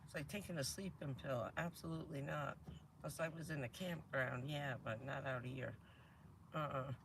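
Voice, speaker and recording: A woman with a hoarse, stuffy voice from a cold, chatting casually on a vanlife livestream from her van, laughing often and answering her viewers. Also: deep voice, steady tone, moderate pace, background noise. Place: inside a camper van.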